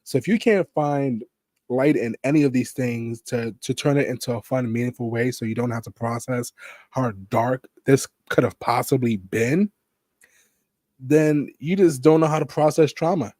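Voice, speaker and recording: A man guest in a casual late-night chat, making dark jokes and often adding "you know what I mean". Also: medium pitch, moderate pace, no echo, studio quality. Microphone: streaming podcast mic.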